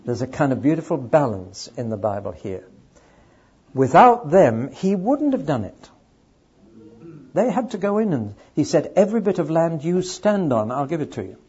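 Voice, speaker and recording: A man's voice: mid-range voice, dark tone, breathy edge, muffled recording. A man preaching a sermon to a live audience, emphatic and speaking straight to the listeners. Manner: emphatic, addresses audience directly.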